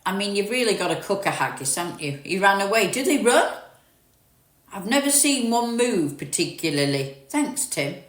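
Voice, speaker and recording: Chatting on a livestream, this London-born, middle-aged host reads viewer comments aloud and responds to them in a medium-pitched, fairly bright voice. Her accent is southern English with some northern mixed in. A phone mic sits far from her in an echoey room.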